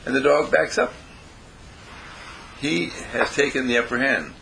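Male storyteller, animated, acts out quotes, bright tone, faint background noise. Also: mid-range voice, a little slow, vocal fry, rough recording. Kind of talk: storytelling talk with moral.

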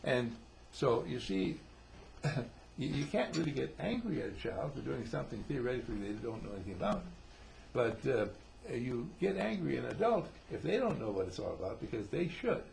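A man's voice: medium pitch, fairly quick, creaky, slight background noise. A man giving an informal talk on behaviour, acting out quotes in different voices. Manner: animated, acts out quotes in voices.

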